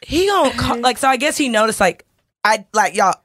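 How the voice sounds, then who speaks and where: A woman's voice: fairly high pitch, animated, brisk, a bit bright, no echo, clean studio sound. A woman co-hosting a casual podcast chat, telling a story and acting out the quoted dialogue. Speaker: podcast co-host.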